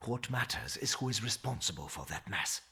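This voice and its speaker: An actor playing a stern, harried academy president in a story game, with a raspy voice. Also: male voice, on the low side, expressive, moderate pace, pushed and bright, heavily acted.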